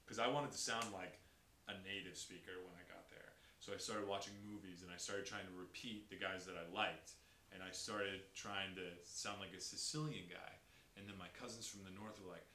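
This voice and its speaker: A man chatting energetically on a podcast, explaining language and accents with lively enthusiasm. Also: low voice. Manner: energetic, imitates Italian accents. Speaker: podcast guest. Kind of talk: casual podcast chat. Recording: echoey room with faint hiss.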